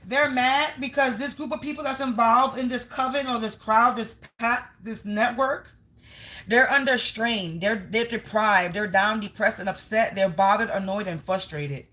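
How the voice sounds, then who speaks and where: A woman's voice: mid-range voice, a bit bright. A woman doing a live energy reading, speaking bluntly and with a lot of profanity, calling her viewers "Collective" and rambling through long lists of words. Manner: talks straight to viewers as "Collective". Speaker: spiritual energy reader. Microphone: streaming live on camera.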